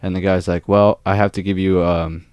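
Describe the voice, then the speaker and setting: A man's voice: low-pitched, normal speed, clean tone, dry recording, studio quality. A young man co-hosting a podcast, telling a work story in casual chat, swearing freely and acting out quotes. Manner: profane, animated storytelling with acted quotes. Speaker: podcast co-host.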